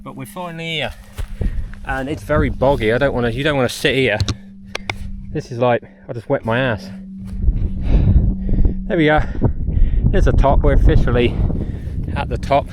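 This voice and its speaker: A man's voice: mid-range voice, normal speed, pauses often, background noise. Chatty man hiking outdoors. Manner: chatty, rambling, talks to animals and camera. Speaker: vlogger. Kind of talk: casual hiking vlog. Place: outdoors on a mountain trail.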